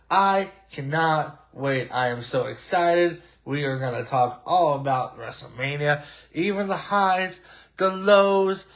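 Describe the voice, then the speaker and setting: A man's voice: on the high side, normal speed, fairly bright tone. A man hosting a casual live-streamed wrestling talk show, ranting with sarcasm, restarting sentences and using lots of filler words. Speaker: podcast host.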